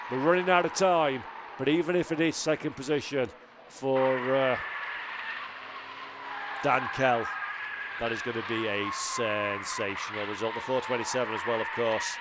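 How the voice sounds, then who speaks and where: A man giving live motor racing commentary from a commentary box at the circuit, building excitement toward the finish. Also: mid-range voice, heavy background noise. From Britain. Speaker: race commentator.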